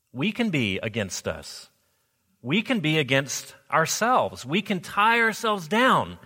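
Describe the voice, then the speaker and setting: Bright-voiced pastor preaching in a big hall. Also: male voice, medium pitch. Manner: earnest, asks rhetorical questions of the congregation. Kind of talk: sermon. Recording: long hall reverb.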